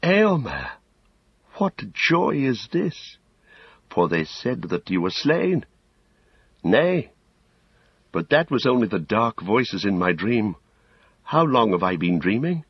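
A tired, grieving noblewoman speaks in a soft voice pitched well above the reader's own, as a man puts her on. It's a storybook reading, husky underneath and dry. The audio is dull and lo-fi. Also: big pitch swings, slow, pauses often, no echo, heavily acted. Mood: weary, wondering. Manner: soft, mournful, lifted pitch. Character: weary noble young woman warrior, shieldmaiden.

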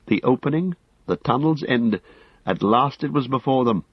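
A man reading a fantasy novel aloud, measured and dramatic. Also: mid-range voice, expressive, breathy edge, dry recording. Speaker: audiobook narrator. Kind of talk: scripted fantasy narration. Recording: slightly dull dry recording.

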